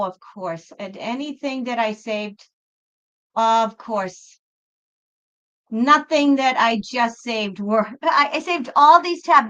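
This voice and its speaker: Bright-voiced chatty woman on a live stream. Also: fairly high pitch, highs cut off. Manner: rambling, chatty, self-interrupting. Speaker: tarot reader hosting a live stream. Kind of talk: casual live-stream chat.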